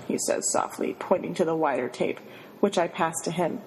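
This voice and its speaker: A woman reading a novel aloud in the first person, giving the inner monologue an expressive, flustered delivery. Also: on the low side, moderate pace, big-room sound, a little hiss or hum, rough recording. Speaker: reader.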